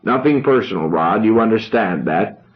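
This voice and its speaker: A man reading a novel aloud, voicing a grandiose young orator who speaks solemnly with dramatic pauses. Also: on the low side, lively intonation, lo-fi sound, close to an everyday voice.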